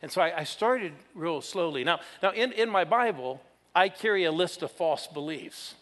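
A pastor in his sixties preaches with a slightly high voice, telling his story and teasing the congregation along the way. His words ring out with a long reverb from a large hall. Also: lively intonation, moderate pace, a bit bright. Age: 60s. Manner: storytelling, playful with the audience. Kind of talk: sermon.

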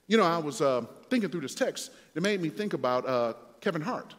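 A male pastor preaching a sermon, moving from relaxed storytelling to emphatic, building exhortation. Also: on the high side, a little fast, big-room sound.

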